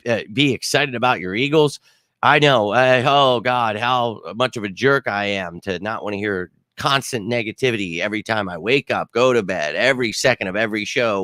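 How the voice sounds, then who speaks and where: A man hosting a live sports fan show, ranting bluntly with swearing and giving shout-outs to viewers by name. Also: lowish voice, no echo, clean studio sound. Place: home.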